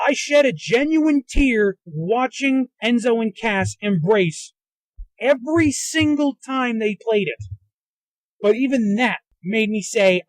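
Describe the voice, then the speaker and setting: A man's voice: extremely high pitch, animated, slow, no room sound, low-quality recording. A man hosting a podcast, delivering an agitated, profane solo rant while riding in a car. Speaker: podcast host. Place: inside a moving car. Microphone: handheld recorder in a car.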